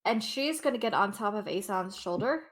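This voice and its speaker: A woman's voice: mid-range voice, lively intonation, normal speed. A woman playing a tabletop role-playing game, hesitant and full of "um"s. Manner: apologetic, hesitant, many fillers. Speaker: player.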